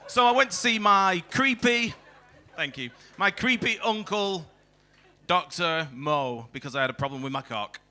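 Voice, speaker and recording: High, bright crude stand-up comic man. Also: expressive, a little slow. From England. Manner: crude, self-mocking, heckling the crowd. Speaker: stand-up comedian. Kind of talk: stand-up set. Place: comedy club stage.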